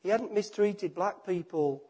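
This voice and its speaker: High-voiced man preaching a sermon. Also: a little slow, breathy edge. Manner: emphatic, repeats phrases, drops to quiet endings.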